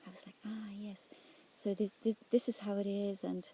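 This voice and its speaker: A woman telling of a prayer experience in a reflective, halting way, often dropping into near-whispers. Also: mid-range voice, flat delivery, slight background noise. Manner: soft-spoken, drops often into near-whispers; halting and searching, with restarts. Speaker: Christian speaker sharing a prayer experience. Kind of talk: reflective personal testimony.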